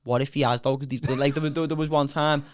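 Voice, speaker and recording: Talking fast in a clear, resonant voice on the high side, this twentysomething Liverpudlian comedian shares stories as a podcast guest. He keeps it casual and lively, performing the quotes of the people in his tales.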